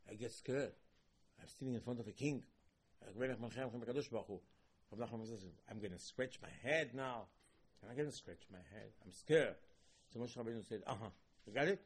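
A man delivers an emphatic sermon in a husky, slightly breathy voice. His pitch sits in the middle range, and he turns suddenly loud and high when he acts out a quoted question. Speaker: rabbi.

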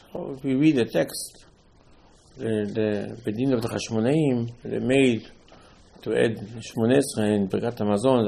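A man teaching a religious lecture in an animated way, asking many rhetorical questions and restarting phrases as he builds a point. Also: medium pitch, vocal fry, poor audio. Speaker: Torah teacher.

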